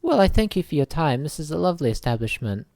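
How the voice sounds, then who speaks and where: A woman voicing a courteous, brisk adventurer in a tabletop role-play. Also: low-pitched, big pitch swings, darkish tone, no echo, studio quality. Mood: polite.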